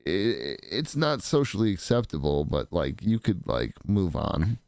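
A man with a somewhat low voice co-hosts a podcast, trading crude jokes and swearing freely as he riffs. He gets animated and slips into exaggerated voices mid-story. His voice is recorded close and dry. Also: a little slow, creaky, no echo. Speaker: podcast co-host. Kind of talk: crude casual banter.

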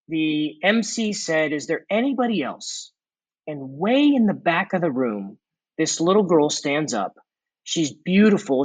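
A man guest in an interview, earnestly telling a personal testimony with reflective pauses and fillers. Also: a little high, dry recording, rough recording. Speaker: former corporate executive turned mission worker.

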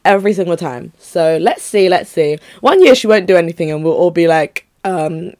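A woman's voice: fairly low pitch, expressive, brisk, darkish tone. A young woman, chatting casually and rambling to her viewers, often breaking off mid-sentence. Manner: chatty, rambling, self-interrupting. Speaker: vlogger.

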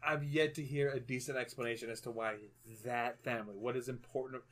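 A man's voice: medium pitch, fairly even intonation, brisk, a bit bright. A man co-hosting a casual podcast chat, rambling and restarting his sentences, swearing freely. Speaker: podcast co-host. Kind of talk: casual chat about a movie.

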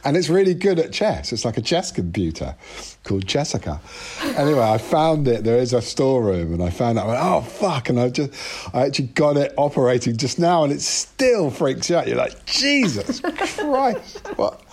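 A man's voice: medium pitch, expressive, fairly quick, a little mellow, a little hiss or hum. A man talking as an interview guest over a video call, rambling and self-interrupting, swearing freely.

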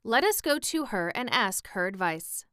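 A woman voicing a kind, wise male scarecrow in a storybook reading, measured and gentle. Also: mid-range voice, big pitch swings, clean tone, no room sound, studio quality, pitched above the performer's own voice. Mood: kindly. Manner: kindly, measured. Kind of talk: audiobook reading.

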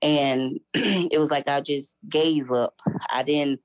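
A woman's voice: low-pitched, fairly even intonation, takes it slowly, no room sound, rough recording. A woman guest telling her faith testimony in a casual, earnest way, acting out the voices of people in her story.

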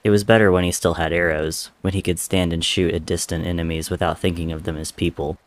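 A man with a very low voice reads a story aloud. His delivery is measured and dramatic, with steady pacing through the narration. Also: dry recording.

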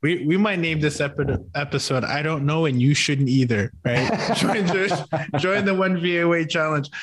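A man's voice: fairly high pitch, moderate pace, fairly bright tone, no room sound. Upbeat man hosting a podcast. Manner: enthusiastic, laughs often. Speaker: podcast host. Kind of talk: casual interview chat.

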